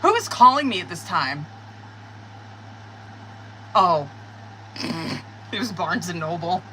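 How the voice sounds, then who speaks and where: A woman doing a live-stream tarot reading, talking straight to her viewers in an excitable, profane, chatty way. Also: fairly low pitch, slow, long pauses, a little hiss or hum, rough recording. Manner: excitable, cursing, talks to viewers. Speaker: tarot reader.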